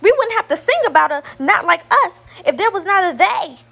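A woman's voice: very high voice, big pitch swings, brisk, vocal fry, a bit bright. A woman ranting with emphatic, scolding political commentary.

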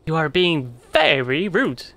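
A game commentator voicing a stiff, formal circus ringmaster who talks slowly in a flat, robot-like way. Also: mid-range voice, full character voice. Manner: slow, flat, robot-like delivery.

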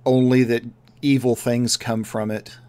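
Frail injured kobold voiced by a man, faint weary voice, very slow speech, tabletop game. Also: medium pitch, level tone, darkish tone, clear, resonant tone, lightly acted. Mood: weak. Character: weak injured male kobold, tired and frail.

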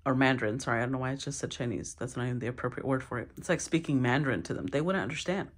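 A woman giving a solo tarot reading, thinking aloud with sighs, restarts and throat clearing. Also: rumbling low, fast. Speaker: tarot reader.

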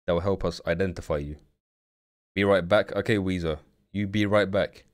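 A man's voice: sits low, fairly even intonation, moderate pace. A young man streaming live, blunt and slangy, swearing freely as he chats with viewers. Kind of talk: casual live-stream commentary.

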